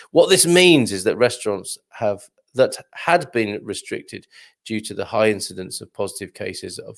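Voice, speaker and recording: Man, show host, wry and chatty, mid-pitched voice, thinks aloud. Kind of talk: live show commentary on news.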